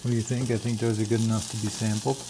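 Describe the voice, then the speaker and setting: A man's voice: on the low side, little pitch movement, racing, noisy background. Chatty man with a German accent. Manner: chatty, thinking aloud while tasting and cooking. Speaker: homestead vlogger. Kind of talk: casual cooking vlog. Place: home kitchen.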